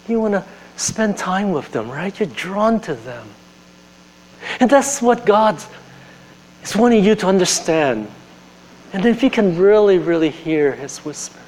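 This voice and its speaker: Pastor, male, slightly high voice, earnest conversational sermon with soft hushed moments, faint hum behind. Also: rough recording. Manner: earnest, drops to a soft hush on tender lines; conversational asides, repeats phrases.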